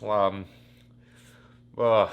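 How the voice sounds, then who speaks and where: A young man vlogging while fishing from a boat on a small lake, excitable and self-mocking, swearing often. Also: fairly low pitch, very slow, creaky. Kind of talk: casual vlog talk to camera. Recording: outdoor wind and engine noise.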